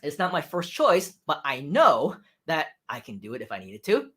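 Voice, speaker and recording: A man giving a livestream lesson on public speaking. His pitch swings widely and his energy runs high. He keeps tagging his points with "right?" and "you feel me?". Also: wildly swooping pitch, moderate pace, sharp tone, husky. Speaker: speaking coach. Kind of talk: livestream training talk.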